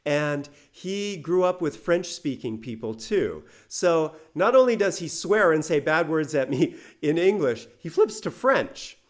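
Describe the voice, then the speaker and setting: Lively man telling a story. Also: a little high. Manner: lively, chatty, laughs between phrases, acts out quotes. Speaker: English teacher telling a personal story. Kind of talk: casual personal storytelling for learners.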